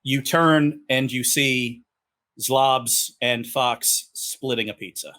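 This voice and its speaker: Easygoing male game master, slow delivery, bright voice. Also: medium pitch. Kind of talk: narrating a tabletop game.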